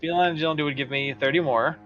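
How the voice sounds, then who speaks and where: A man's voice: a little high, steady tone, very fast, a bit bright. A man playing a tabletop game, easygoing and thinking aloud as he plans his moves. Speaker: player. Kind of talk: casual tabletop game play. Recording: dull lo-fi sound, faint music.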